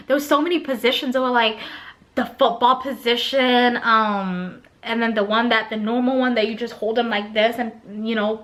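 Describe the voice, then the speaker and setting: High, bright-voiced young woman storyteller. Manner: animated, chatty, keeps addressing viewers. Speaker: vlogger. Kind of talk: casual storytelling to camera.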